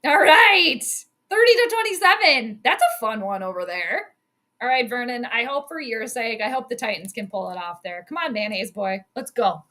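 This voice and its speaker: A woman hosting casual live play-by-play football commentary, animated and quick to scold and laugh. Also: on the high side. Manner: animated, exclaims and scolds the team, laughs often.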